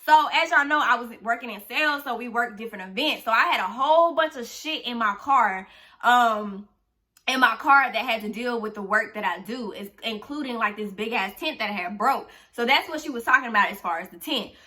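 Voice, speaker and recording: A young woman vents in a casual storytime vlog, blunt and sarcastic, with frequent swearing. Her voice sits high and rings very bright. She talks straight to her viewers like a friend. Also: a little fast. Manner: blunt and profane, venting with sarcasm. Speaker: vlogger telling a story.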